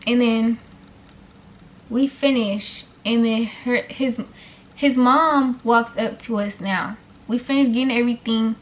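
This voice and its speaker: Young woman, fairly high voice, casual storytime, blunt and animated, swears a lot. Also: slow pace. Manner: animated, blunt, heavy profanity. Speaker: vlogger telling a story.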